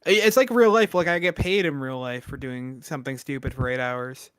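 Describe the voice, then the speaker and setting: A man's voice: medium pitch, fairly quick, fairly bright tone, clean tone, no echo. A man on a casual podcast who rambles, restarting his sentences and filling them with "like.". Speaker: podcast co-host.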